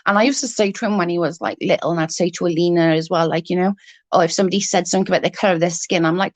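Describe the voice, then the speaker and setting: A woman's voice: lowish voice, very fast, dry recording. Heated, swearing woman vlogger. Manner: heated, swears freely, animated retelling. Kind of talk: casual storytelling vlog.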